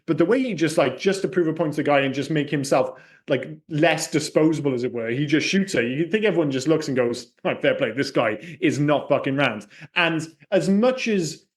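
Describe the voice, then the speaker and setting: A man co-hosting a casual film podcast, ranting in an animated, profane way. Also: fairly high pitch, fairly quick, few pauses. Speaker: podcast co-host.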